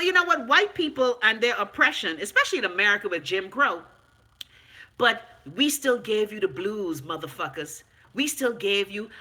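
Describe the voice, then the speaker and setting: A middle-aged Bahamian woman rants on her vlog, unscripted, in a sharp, mid-range voice. She's sarcastic, emphatic, and profane.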